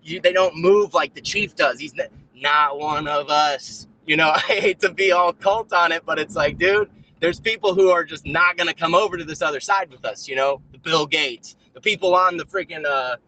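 A man's voice: on the high side, normal speed, bright, forceful tone, a little hiss or hum, poor audio. A man ranting in casual chat on a live stream, rambling, with lots of fillers and restarts. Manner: puts on mocking voices when quoting. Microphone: own mic on a remote call.

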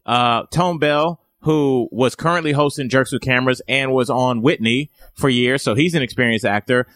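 A man's voice: mid-range voice, normal speed, a bit bright. A man who is a comedian telling rambling stories with restarts and swearing in a casual chat.

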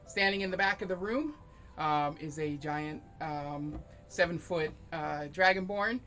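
A man's voice: fairly high pitch, a little slow, sharp tone, soft background music. A man running a tabletop role-playing game as game master, narrating hesitantly with many ums.

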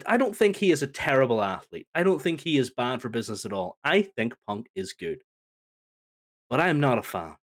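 A man co-hosting a wrestling podcast, ranting in an exasperated, mocking way. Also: fairly high pitch. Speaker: podcast co-host. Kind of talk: heated opinion rant.

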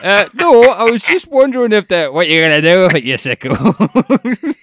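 A man's voice: sits high, very animated, moderate pace, a bit bright, a little hiss or hum, voice pushed up. A man doing an indignant dad on the phone. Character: exasperated middle-aged dad on the phone.

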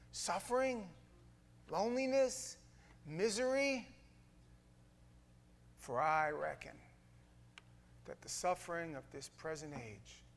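A man preaching a sermon, telling a story with dramatic swings from hushed lines to loud bursts. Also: medium pitch, creaky, a little hiss or hum.

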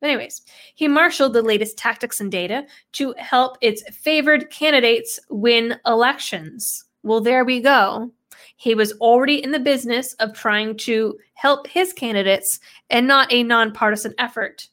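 A political commentator with a New England background works through an article alone, quoting it and then answering with skeptical, sarcastic asides. Her voice is a little high for a woman, and she keeps a steady commentary going at normal speed.

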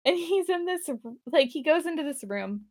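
Giggly high-voiced woman recapping a show. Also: animated, normal speed, a loud crowd. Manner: giggly, rambling, acts out characters' lines. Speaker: podcast co-host recapping an episode. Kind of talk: casual chat.

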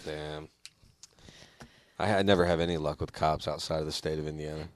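A man's voice: rumbling low, steady tone, brisk, dry recording. A man guesting on a radio show, telling road stories with lots of swearing and laughter. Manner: swears freely, laughs through his stories. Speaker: band member guest. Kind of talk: casual storytelling chat.

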